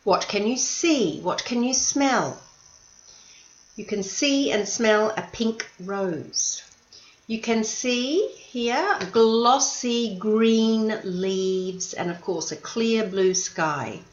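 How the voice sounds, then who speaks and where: A woman teacher walks learners through an English lesson at a slow, deliberate pace, her pitch rising and falling in a lively way as she patiently stresses each syllable. The recording has a roomy echo and a slightly dull, muffled tone.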